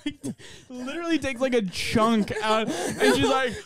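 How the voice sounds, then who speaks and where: A man telling a chaotic story in casual podcast chat, rambling and laughing, shouting out the quoted lines. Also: extremely high pitch, big pitch swings, unhurried, a crowd in the background.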